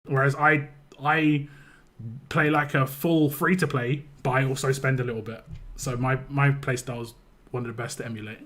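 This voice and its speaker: A man's voice: mid-range voice, fairly even intonation, normal speed, a bit bright. A man with a British accent, chatting casually on a live stream, rambling and often repeating his words. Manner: rambling, repeats words, reads chat aloud.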